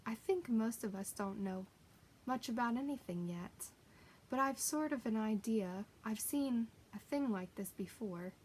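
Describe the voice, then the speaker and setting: A woman voicing a gentle old cab horse who speaks slowly and thoughtfully. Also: fairly high pitch, animated, slight background noise. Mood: musing. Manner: slow, musing.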